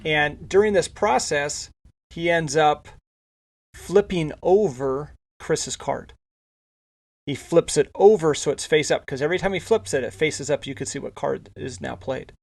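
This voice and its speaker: A man's voice: a little high, a little slow, vocal fry. A male podcast host telling a casual anecdote, rambling with frequent restarts and repeated words. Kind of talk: casual storytelling.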